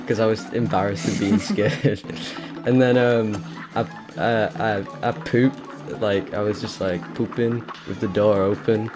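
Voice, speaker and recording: A man's voice: on the low side, fairly even intonation, normal speed. A British man rambling through a personal story while playing a video game, with many fillers and restarts. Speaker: let's play gamer. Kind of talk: casual gameplay chat and storytelling. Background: game music.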